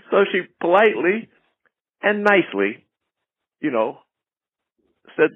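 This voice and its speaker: A man being interviewed as a guest, telling stories in an animated way and acting out quoted lines in a raised voice. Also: sits high, slow, pauses often, slightly rough, dry recording. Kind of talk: anecdotal storytelling. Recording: tinny phone-line audio.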